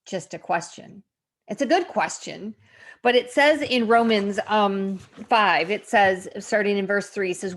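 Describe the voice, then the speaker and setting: A woman's voice: medium pitch, unhurried. A woman, grandmother of young boys, in her fifties, speaking candidly in a casual devotional vlog from a room under remodel. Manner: reflective, candid, laughs at herself. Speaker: faith vlogger.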